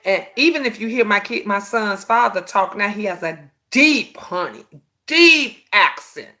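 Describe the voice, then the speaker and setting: A woman's voice: medium pitch, measured pace. A woman in her fifties hosting a casual live-stream chat, telling stories animatedly and calling listeners "honey.". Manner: animated storytelling, sassy, says "honey" often. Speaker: host.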